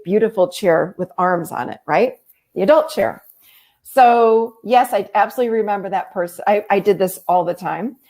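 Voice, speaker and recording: A woman who works as a therapist and life coach explains things in a relaxed, conversational manner, her voice sitting on the high side. She tells lively stories and mimics the voices of the people she quotes.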